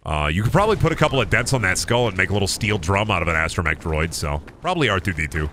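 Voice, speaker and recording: A man's voice: sits low, animated, fast, sharp tone, a little hiss or hum. A man streaming a video game live, rambling and mocking his chat and opponents, with lots of swearing. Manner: rambling, self-interrupting. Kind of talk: live gaming commentary.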